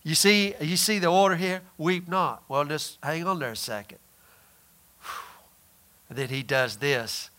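Here a preacher puts questions to his listeners and responds to them himself, lingering over some phrases in a slow drawl. His voice runs somewhat high, sounding pushed and bright.

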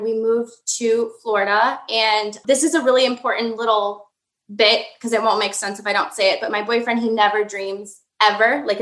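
A woman's voice: a little high, a bit bright, reverberant. A young woman in her twenties telling a personal dream story casually, full of "like" and restarts. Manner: rambling, emotional, filler-heavy.

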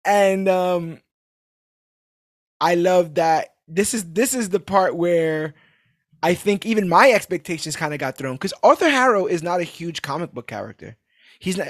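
A man's voice: a little high, lively intonation, moderate pace, no echo, studio quality. A man casually recapping a TV episode on a podcast, acting out the characters' lines and laughing as he goes. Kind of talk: casual chat.

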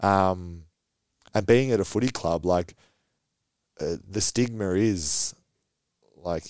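On a dry recording, the young Australian footballer talks slowly in a low, darkish voice. Chatting as a podcast guest, he spins relaxed stories full of fillers and frequent laughter.

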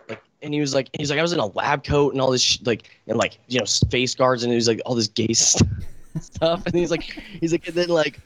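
A man's voice: medium pitch, fairly quick, a bit bright, a little hiss or hum, low-quality recording. A young man telling a long story in casual chat, rambling, with lots of filler words.

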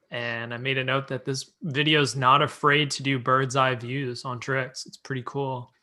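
A man with a bright, clear voice hosts a relaxed podcast chat. He works through his notes on a skate video in a loose, jokey way. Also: medium pitch. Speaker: podcast host.

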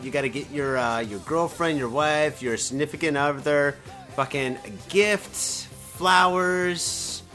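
A man hosting a casual solo podcast from home, rambling and swearing as he drinks, a bit tipsy. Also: on the high side. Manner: profane, rambling, animated. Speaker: podcast host. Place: home in Japan, indoors.

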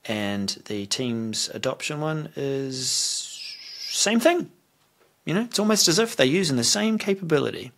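A man's voice: fairly high pitch, animated, a little slow, gravelly, a bit bright. A man hosting a casual tech chat, reading out news items and making wry, teasing remarks. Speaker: podcast host.

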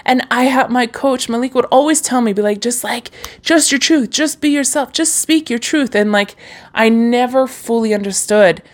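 A woman's voice: a little high, normal speed. Chatty encouraging woman podcaster. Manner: chatty and encouraging, many fillers and restarts. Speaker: podcast host. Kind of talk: casual solo podcast monologue. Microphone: podcast microphone.

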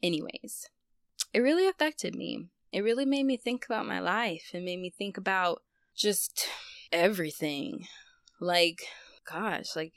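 Young woman vlogger, candid and chatty, bright clear tone, dry close sound. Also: on the low side, measured pace, no room sound. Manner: candid, conversational, heavy use of fillers. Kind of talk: personal storytelling vlog.

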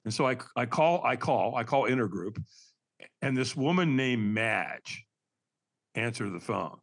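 A man in his sixties speaking as a podcast guest, his voice at an everyday middle pitch. He tells a candid personal story with animated, emphatic delivery and laughs through hard memories. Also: unhurried, slightly rough.

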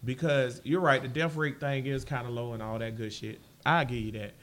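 A man's voice: medium pitch, steady tone, a little fast, fairly bright tone. A man hosting a podcast, teasing his co-hosts in loose, profane banter. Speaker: podcast host. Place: bar with co-hosts.

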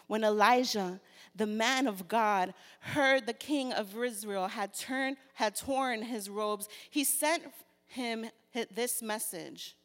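A woman preacher giving a sermon and reading scripture aloud, slow and deliberate, turning animated as she retells the story. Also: a little high. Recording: long reverb of a large hall.

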